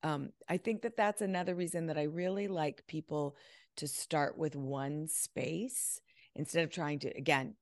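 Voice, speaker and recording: A woman's voice: low-pitched, steady tone, normal speed, no echo, studio quality. A woman guest on a podcast, speaking confidently and emphatically over a video call, often acting out her clients' words. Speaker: guest decluttering expert. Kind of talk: casual interview chat.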